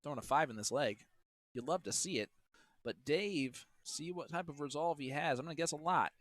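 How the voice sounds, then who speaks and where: A man's voice: on the high side, fairly quick, fairly bright tone, no room sound. A man commentating a live darts match, talking in a chatty, joking way and teasing his co-host.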